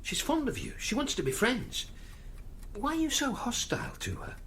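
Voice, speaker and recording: An actor playing a gentle, worried middle-aged father. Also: very high-pitched, wildly swooping pitch, normal speed, a little hiss or hum, exaggerated voice. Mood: coaxing. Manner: soft, coaxing. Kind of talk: audio drama acting.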